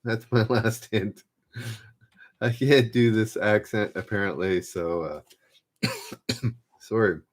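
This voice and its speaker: A man hosting a live-stream trivia game, relaxed and self-deprecating, repeating each question as he reads out viewers' guesses. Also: lowish voice, slow, pauses often. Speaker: trivia host.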